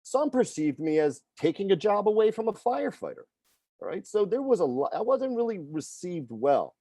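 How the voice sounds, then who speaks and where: A middle-aged fitness coach tells a personal story conversationally, often ending sentences with "right?" and "okay?". His high voice has a sing-song, warm quality at a normal speed, and the recording has no echo.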